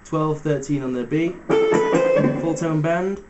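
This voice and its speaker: Male guitar teacher, slightly high, easygoing, loud guitar playing in the mix. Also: slow pace, dull audio. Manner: relaxed, talks through fret numbers with fillers. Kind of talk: casual step-by-step guitar tutorial. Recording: loud guitar music under the voice. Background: electric guitar playing between phrases.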